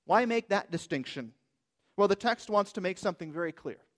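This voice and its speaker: Man, high voice, pastor, sermon, emphatic, rhetorical questions. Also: expressive, brisk, fairly bright tone.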